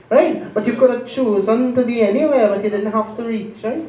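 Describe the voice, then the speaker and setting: A man's voice: extremely high pitch, fairly quick, darkish tone. A man preaching as a religious teacher, retelling a holy story, putting questions to his listeners and breaking into chanted verses. He sounds far from the mic in a reverberant hall, on a muffled, lo-fi recording. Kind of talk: sermon storytelling. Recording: distant, roomy, dull lo-fi.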